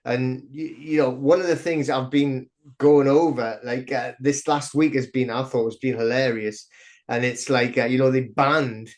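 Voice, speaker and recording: A man's voice: mid-range voice, moderate pace. Rambling middle-aged man, guest. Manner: rambling, excitable storyteller with many restarts. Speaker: podcast guest. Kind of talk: casual interview chat.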